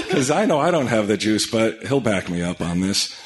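Low voiced guy, blunt and sweary, lots of uhs and restarts while he tells a story. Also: wildly swooping pitch. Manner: blunt, profane, halting storyteller. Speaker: podcast guest. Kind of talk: casual chat.

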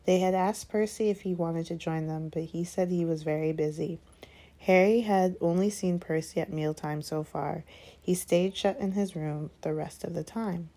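A woman narrates a children's fantasy story in a steady, measured reading. Her voice sits low and mellow, and her delivery stays calm and even. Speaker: audiobook reader. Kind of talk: scripted narration.

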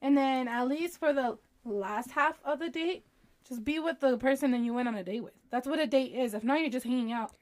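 A young woman with a slightly high voice co-hosts a casual podcast chat. She agrees readily and fills her talk with "like". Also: brisk. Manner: agreeable, frequent "mm-hmm" and "like". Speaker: podcast co-host.

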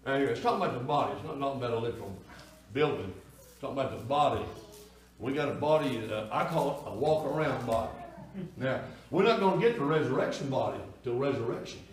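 A man's voice: mid-range voice, lively intonation, fast. Folksy preacher man in echoey church. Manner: folksy preaching, rising to loud cries. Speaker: pastor. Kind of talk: sermon. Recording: echoey church room from far off.

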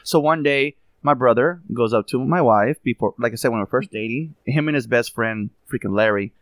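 A man hosting a podcast, telling funny stories in a lively, laughing way and dropping in Spanish words. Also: mid-range voice, fairly quick, no room sound. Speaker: podcast host. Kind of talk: casual chat, storytelling.

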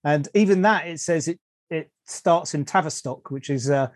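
A man's voice: fairly high pitch, moderate pace, no room sound, clean studio sound. An English man hosting a podcast interview, enthusiastic and often repeating words as he thinks. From England. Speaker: host.

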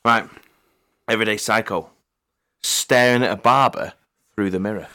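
A young man co-hosting a casual podcast chat, with deadpan delivery and dry jokes. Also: on the low side, moderate pace. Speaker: podcast co-host.

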